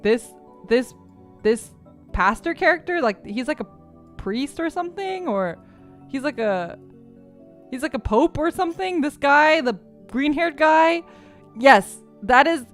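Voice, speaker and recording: A young woman streamer chatting casually, telling stories in an animated way and sometimes breaking into shrieks and laughter. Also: high voice, a little slow, soft background music.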